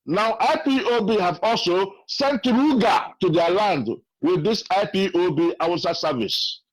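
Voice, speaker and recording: A man's voice: high-pitched, a little slow, no echo, low-quality recording. A man from Nigeria with a Nigerian accent, calling in to a radio show and telling a story earnestly, repeating his phrases. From Nigeria (Imo State). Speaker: caller. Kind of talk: call-in testimony, storytelling. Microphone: phone call.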